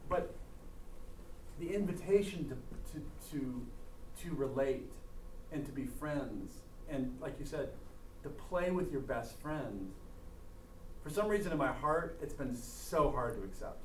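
A man speaking earnestly and haltingly in a casual conversation about faith, with frequent restarts. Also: mid-range voice, lively intonation, slight background noise. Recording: echoey room, mic at a distance.

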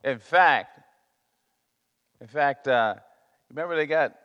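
A man's voice: a little high, slow, fairly bright tone, clean tone, lo-fi sound. A man preaching a sermon, emphatic and prone to repeating himself as he searches for words. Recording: long reverb of a large hall.

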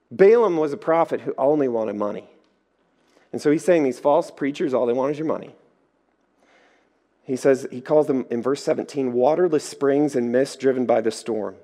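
A man preaching a sermon, telling stories in a lively way and acting out the voices in them. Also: mid-range voice. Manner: lively storytelling, acts out voices. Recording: echoey hall.

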